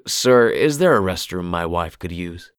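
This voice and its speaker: Brief: uneasy young husband, deep and slow, hesitant delivery, from a male narrator. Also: animated, clear, resonant tone, no echo, clean studio sound. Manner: tense, hesitant.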